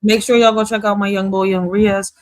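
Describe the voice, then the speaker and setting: A woman hosting a casual talk show, chatty and teasing as she gives shout-outs. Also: medium pitch, level tone, a little fast, no echo. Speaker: host. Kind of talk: casual chat.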